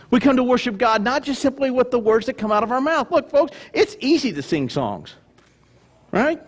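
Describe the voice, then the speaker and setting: A male pastor preaching a sermon with emphatic swings between loud declarations and hushed, mocking asides. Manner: mimics grudging churchgoers in low mocking asides.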